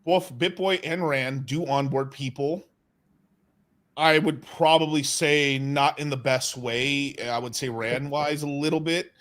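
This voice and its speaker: Excitable, sweary man host. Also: on the high side, a little slow. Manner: excitable, swears a lot, many restarts. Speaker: crypto livestream host. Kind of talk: casual chat.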